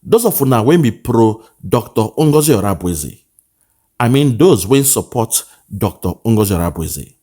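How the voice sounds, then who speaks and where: Speaking with a Nigerian accent, this man delivers political commentary online, repeating himself in a preachy, rhetorical style and dropping into pidgin. His warm, medium-pitched voice swings widely in pitch at a normal speed.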